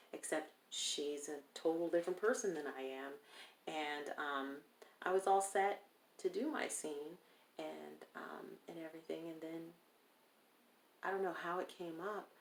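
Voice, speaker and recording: A woman telling a personal story in a casual interview, animated and acting out the people she quotes. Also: deep voice, unhurried, a little hiss or hum. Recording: roomy echo.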